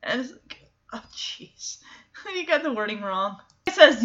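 High bright woman recapping a tv episode, animated, kinda lo-fi sound. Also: measured pace. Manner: animated, acts out quoted lines with laughs.

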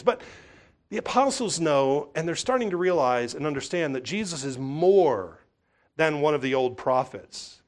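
A middle-aged man preaching a sermon in a church, emphatic and full of rhetorical questions, often repeating his words. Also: sits high. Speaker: pastor.

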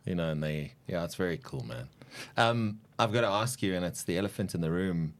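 Guy hosting an interview, lowish voice, eager, laughs along. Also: lively intonation, a little fast. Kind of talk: conversational interview.

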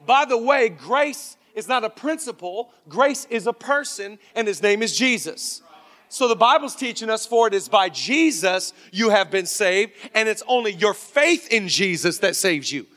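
High-voiced fervent male preacher. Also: animated, unhurried. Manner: fervent preaching, alternating loud exhortation and quiet emphasis. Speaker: pastor. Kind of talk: sermon. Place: church auditorium. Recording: reverberant large church hall.

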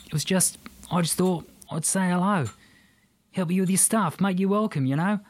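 A man's voice: sits high, moderate pace, voice pushed up, natural voice. A man voicing a slight, wiry young male ship's crewman with an Australian accent, chatty and apologetic. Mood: pleading. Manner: chatty, apologetic, a bit petulant.

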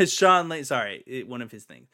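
Male podcast host, young adult, bright, emphatic, prone to ranting. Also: medium pitch, expressive, normal speed. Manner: ranting, emphatic, repeats himself. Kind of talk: casual podcast chat.

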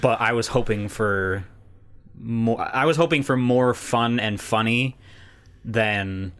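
A man's voice: mid-range voice, takes it slowly, a bit bright. A young man co-hosting a podcast, rambling through casual chat with lots of filler and free swearing. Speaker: podcast co-host.

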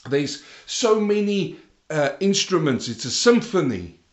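A preacher with a slightly high voice delivers a sermon a little slowly, with big pitch swings from loud, rising emphasis down to low, quiet passages. A roomy echo surrounds him.

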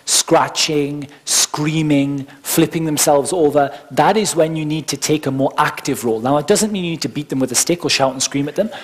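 Man teaching a workshop, mid-high voice. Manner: informal, explains step by step with frequent "you know" asides. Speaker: workshop instructor. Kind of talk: conversational teaching lecture.

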